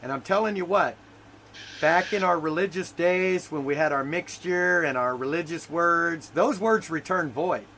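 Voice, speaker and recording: A man's voice: fairly high pitch, normal speed, bright, forceful tone, a little hiss or hum, poor audio. A male host in casual spiritual talk, emphatic and preacher-like, repeating key phrases.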